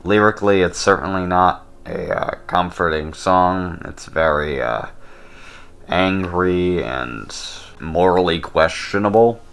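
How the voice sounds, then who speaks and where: A young man talking casually about songs, blunt and opinionated, often pausing with fillers. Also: sits low, fairly bright tone, smooth. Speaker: YouTube host.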